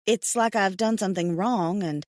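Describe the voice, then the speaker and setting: A woman's voice: medium pitch, moderate pace, dry recording, clean studio sound. A woman narrating a story in first person with a wry, conversational reading. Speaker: audiobook narrator.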